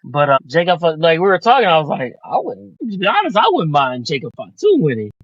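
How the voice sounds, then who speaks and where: Male podcast host, raised voice, swears a lot, excitable recap, dull dry home recording. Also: on the high side, fairly quick, husky, no echo. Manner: excitable, profane storytelling. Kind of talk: casual chat.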